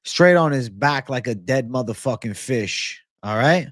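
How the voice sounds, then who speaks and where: A man's voice: medium pitch, expressive, a little slow, no room sound, studio quality. A young man hosting a casual livestream, joking loosely, swearing a lot and talking to his chat. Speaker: livestream host reading chat.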